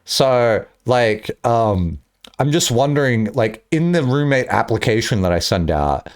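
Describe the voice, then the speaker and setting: A young man chatting casually on a live stream, rambling and joking with bursts of excitement. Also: medium pitch, measured pace.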